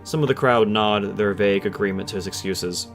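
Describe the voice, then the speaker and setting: A man's voice: lowish voice, fairly quick. A man narrating a tabletop roleplaying game as game master, casual and descriptive. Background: soft background music.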